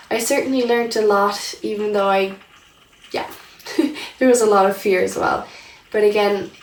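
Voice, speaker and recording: A young woman speaking in a reflective diary vlog, earnest and searching, often repeating calm affirmations to herself. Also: mid-range voice, distant mic. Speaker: vlogger. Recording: echoey room from off-mic, faint hiss.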